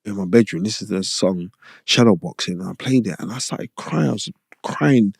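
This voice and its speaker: A middle-aged man, a podcast guest, telling stories in an animated, rambling, streetwise way with a lot of repetition. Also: on the low side, normal speed, gravelly, slightly rough, no echo, studio quality. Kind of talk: casual storytelling interview. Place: podcast studio.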